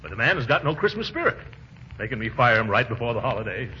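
A blustery pompous uncle. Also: male voice, sing-song, quick pace, pushed and bright, slight background noise. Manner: bombastic, flustered, booming outbursts. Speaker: uncle and employer. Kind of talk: 1940s radio comedy acting. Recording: muffled old radio broadcast.

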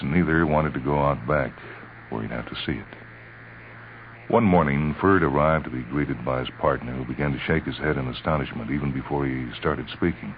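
A man narrating a story in a measured, dramatic reading on a tinny old radio recording. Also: extremely low pitch, slight background noise.

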